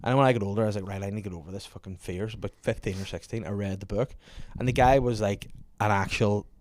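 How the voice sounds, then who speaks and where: A man, hosting a casual podcast and telling animated, sweary stories about his kids with frequent laughter. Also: fairly low pitch, fast talker, no echo. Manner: animated storyteller, laughs often, swears freely. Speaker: podcast host. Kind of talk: casual chat.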